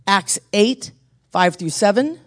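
A preacher giving an intense sermon with a personal testimony, dropping to hushed tones and then building to forceful exhortation. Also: medium pitch, lively intonation, slow.

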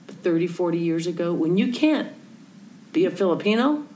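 At a moderate pace, a woman with a fairly low-pitched voice tells a story in conversation, weaving in a faith message. She is an animated storyteller who acts out the voices of the people involved and sometimes drops to a whisper. The recording is low quality.

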